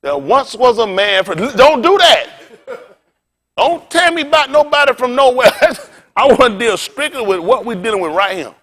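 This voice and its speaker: A man's voice: very high-pitched, sing-song, normal speed, fairly bright tone. A male pastor preaching an informal sermon, folksy and colloquial, telling stories and quizzing the congregation.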